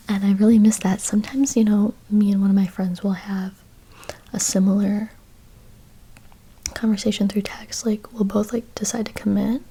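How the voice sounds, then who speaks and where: A woman's voice: medium pitch, level tone, moderate pace, pauses often, dark tone, slightly rough. A woman in her twenties whispering a rambling chat ASMR video, full of fillers and "like"s, in a whispered role-play style. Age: 20s. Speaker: ASMR YouTuber.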